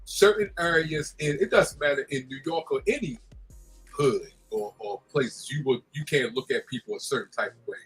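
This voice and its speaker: A man's voice: medium pitch, moderate pace, a bit bright, breathy edge, faint music behind, rough recording. A man in a casual podcast chat, agreeable and hedging, using street slang.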